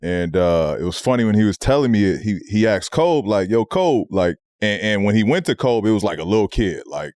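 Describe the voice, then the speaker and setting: A man hosting a podcast with a lowish voice, telling his own stories in an animated, slangy way and laughing along. The sound is dry and close to the mic. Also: brisk, hardly any pauses, dry recording. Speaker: podcast host. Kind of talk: casual chat.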